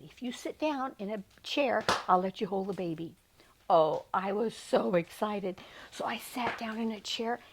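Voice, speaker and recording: An older woman telling a childhood story in a gentle, sing-song way, lingering tenderly on her words. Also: on the high side, slight background noise, low-quality recording. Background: music.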